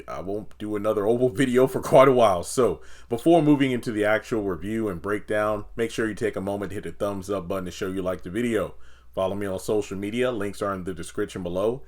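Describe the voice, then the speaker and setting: A young man casually reviewing a TV episode, acting out the characters' lines in quick, animated voices. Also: lowish voice. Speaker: TV review YouTuber.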